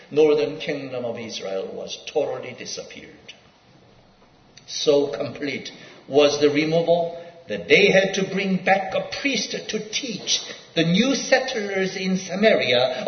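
A male preacher giving a sermon, reading scripture aloud in an emphatic, pausing delivery. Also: fairly high pitch. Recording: dull echoey hall sound.

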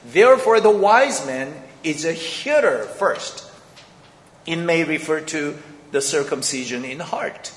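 Guy teaching a bible passage real slow, lots of reverb like a big hall. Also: on the high side, expressive, fairly bright tone, slight background noise. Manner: slow, methodical, explaining grammar step by step. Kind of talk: sermon-style bible lecture. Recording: echoey hall with long reverb.

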